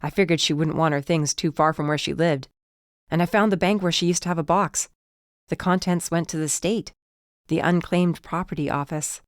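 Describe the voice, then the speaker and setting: A woman's voice: deep voice, steady tone, normal speed, dry recording, studio quality, natural voice. Woman voicing a smug gloating young man. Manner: smirking, mocking.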